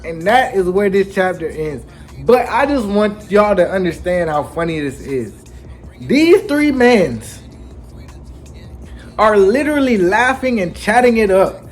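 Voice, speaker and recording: A man hosting a casual anime chapter recap, telling it with lively slang and acting out the characters. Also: high voice, unhurried. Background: faint background music.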